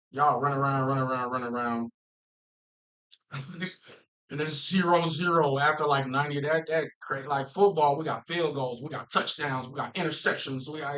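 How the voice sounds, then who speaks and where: A man from Minnesota hosting a casual football talk stream, animated and playful, laughing often and using slang. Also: a little high, poor audio. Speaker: football talk show host. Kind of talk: casual livestream chat.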